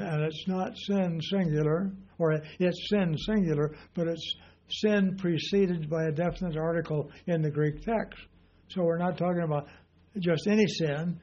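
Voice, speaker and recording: A man's voice: fairly high pitch, warm tone, highs cut off. An older man preaching a conversational sermon in a folksy, rambling way, full of "you know" asides.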